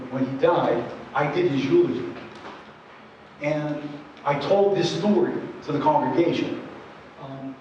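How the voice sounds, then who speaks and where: Male presenter, higher voice, earnest conversational storyteller; dull, distant recording in a large hall. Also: a little mellow, a little hiss or hum. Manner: earnest, many asides and "you know"s.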